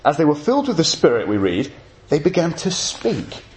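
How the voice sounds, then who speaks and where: A man's voice: a little high, wildly swooping pitch, moderate pace, slight background noise. A man preaching an evening sermon, explaining scripture with jokey asides to his congregation.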